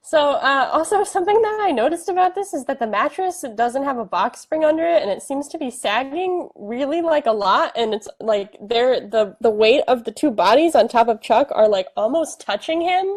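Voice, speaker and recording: A woman's voice: high voice, expressive, normal speed, few pauses. A woman co-hosting a podcast, recapping an episode in casual chat, teasing and laughing often. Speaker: podcast co-host.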